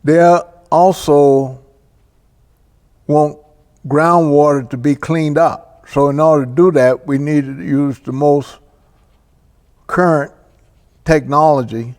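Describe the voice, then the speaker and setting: Male local-TV host, slow and deliberate monologue, reverberant studio sound. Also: mid-range voice, darkish tone. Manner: slow and deliberate, with pauses and restarts. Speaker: local cable show host.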